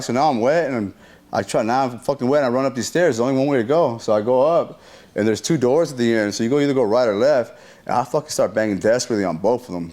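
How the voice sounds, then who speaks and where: A man's voice: mid-range voice, quick pace. Guy telling a story in an interview, mid voice, lots of slang and cussing, does sound effects. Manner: slangy, profane talk full of sound effects; animated retelling that acts out what people said.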